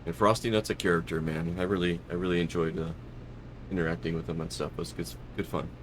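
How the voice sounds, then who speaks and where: A man's voice: sits low, little pitch movement, fast, slight background noise. A man hosting a live stream, chatting casually and rambling as he flies a flight simulator, often correcting himself and laughing.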